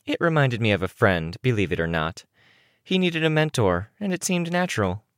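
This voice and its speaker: An audiobook reader voicing a sly, smug young woman who speaks smoothly and wryly. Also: medium pitch, very animated, moderate pace, fairly bright tone, no echo, studio quality, pitched above the performer's own voice. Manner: wry, smooth and knowing.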